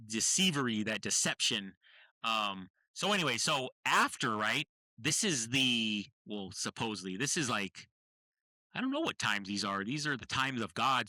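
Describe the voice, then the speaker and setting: A man's voice: medium pitch, bright, forceful tone, dry recording. A man, casually retelling a movie plot on a podcast, rambling and saying "bro" a lot. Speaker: podcast co-host.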